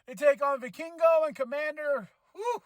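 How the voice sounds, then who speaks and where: A man hosting a wrestling podcast, reviewing a show in an excitable, slangy way and breaking into shouts when thrilled. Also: extremely high pitch, moderate pace, no echo. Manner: casual slangy delivery, laughs often.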